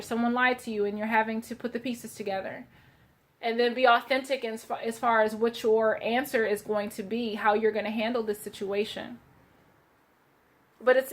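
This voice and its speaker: A woman doing a casual card reading for her viewers, gentle and searching, with many fillers and restarts. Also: on the high side. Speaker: tarot card reader.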